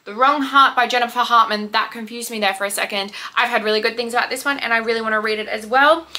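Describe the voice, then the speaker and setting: A young woman talks casually to her viewers, rambling and poking fun at herself. Her voice sits fairly high and sounds bright and forward. The delivery is loose and conversational, like a relaxed vlog. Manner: chatty, rambling, self-deprecating. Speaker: book vlogger. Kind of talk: casual chat to camera.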